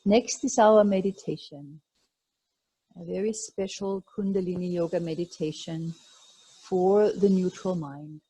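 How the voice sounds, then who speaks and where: A woman teaching a yoga class, guiding breath and meditation in a slow, calm, soothing way. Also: fairly low pitch, slightly rough, rough recording. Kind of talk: guided yoga instruction.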